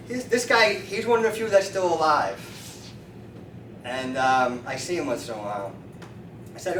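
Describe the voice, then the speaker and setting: A man in his fifties, a chiropractor, telling lively stories at a meeting and acting out the people he quotes. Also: a little high, normal speed, pauses often. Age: 50s. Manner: animated storyteller acting out quoted voices. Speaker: chiropractor, featured speaker. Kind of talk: storytelling talk to a meeting. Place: meeting room. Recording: roomy, distant mic with faint noise.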